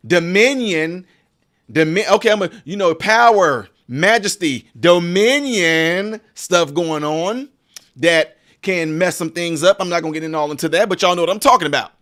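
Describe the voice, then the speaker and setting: A high-pitched man hosts a live-stream political commentary. He talks in an emphatic, preachy way and aims it straight at his viewers. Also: fairly bright tone.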